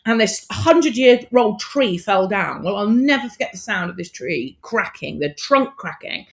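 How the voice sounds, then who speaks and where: Middle-aged woman on a podcast, chatty and expressive, acts out what people said, mid-pitched voice. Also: moderate pace, vocal fry. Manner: lively, expressive, acts out her own past dialogue. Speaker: podcast guest. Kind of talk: casual conversational storytelling.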